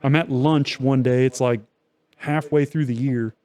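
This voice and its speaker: A man's voice: medium pitch, fairly even intonation, measured pace, a little mellow. A young man co-hosting a podcast, telling a long story in loose, profane casual chat with many fillers. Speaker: podcast co-host.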